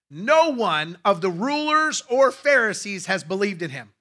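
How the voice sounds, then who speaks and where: A man's voice: sits high, very animated, moderate pace, few pauses, sharp tone. A male pastor preaching a sermon in a conversational way, with asides to his congregation.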